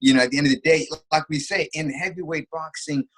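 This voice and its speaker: A man's voice: a little high, steady tone, fast, fairly bright tone, slightly rough, low-quality recording. A man co-hosting a casual chat, telling a fight story with lots of filler phrases. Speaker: co-host.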